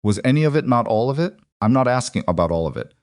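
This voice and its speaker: Tired hotel maid, guarded, measured, low-key, read by a man, dry close sound. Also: big pitch swings, dry recording, close to an everyday voice. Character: weary hotel maid, grown woman, steady and guarded.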